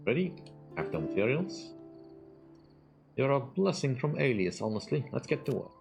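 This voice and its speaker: A man's voice: mid-range voice, sing-song, moderate pace, gravelly, a little mellow, faint music behind. A man reading a grateful village leader. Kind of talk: reading game dialogue aloud.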